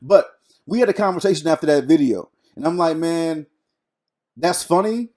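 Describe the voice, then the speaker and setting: A man co-hosting a podcast in a relaxed, slangy way, often restarting his sentences. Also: fairly high pitch, moderate pace. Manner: laid-back, slangy, hesitant restarts. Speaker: podcast co-host. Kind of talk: casual chat.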